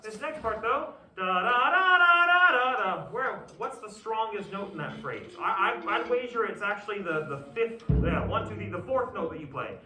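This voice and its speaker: A man's voice: high-pitched, animated, normal speed, hardly any pauses, bright, forceful tone. A man conducting a community band rehearsal, explaining phrasing, singing lines and counting the players in. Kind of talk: rehearsal instruction. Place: large rehearsal room. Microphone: distant camera mic. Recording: roomy, distant, with band music. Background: band instruments.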